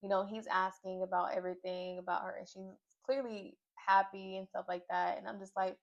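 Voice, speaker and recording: A woman's voice: medium pitch, flat delivery, fairly quick. Chatty opinionated woman reviewing reality TV. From Nashville, Tennessee. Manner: chatty, opinionated, lots of fillers. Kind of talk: casual recap commentary. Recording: slightly dull lo-fi audio.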